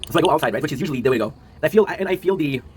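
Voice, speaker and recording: A man in his twenties, a streamer and video creator, talking in a casual confessional monologue. He sounds low and worn out, rambling, tagging lines with a question and swearing often. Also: lively intonation, rapid-fire, a little mellow, slight background noise, poor audio. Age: 20s.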